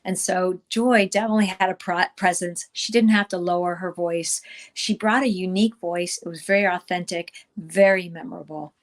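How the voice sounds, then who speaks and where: A woman's voice: fairly low pitch, fairly even intonation, moderate pace. A middle-aged woman giving a virtual conference talk, speaking conversationally with frequent fillers and restarts.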